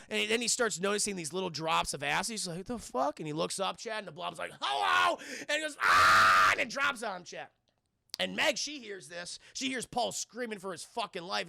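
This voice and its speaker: A man live-streaming a casual, profane recap of a film to his chat, rambling and acting out scenes in loud voices. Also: high-pitched, vocal fry, no room sound, studio quality. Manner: talks to chat, thanks viewers.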